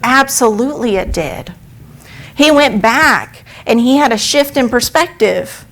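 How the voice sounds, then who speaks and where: A woman's voice: on the high side, animated, unhurried, a bit bright, rough recording. Conversational woman giving a sermon. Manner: conversational, asks the congregation questions. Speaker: speaker at a church service. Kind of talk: sermon storytelling.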